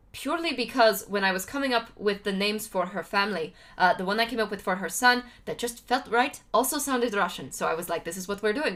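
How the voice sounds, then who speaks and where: Lively woman chatting to her stream. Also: mid-range voice. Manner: chatty, talks to viewers, many fillers; laughs often between remarks. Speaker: livestreamer. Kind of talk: casual livestream chat.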